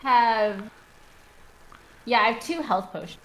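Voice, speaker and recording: A woman's voice: fairly high pitch, a little slow, highs cut off. A woman playing in a tabletop game, talking hesitantly with many fillers. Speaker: player. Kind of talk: casual game chat. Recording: loud background noise.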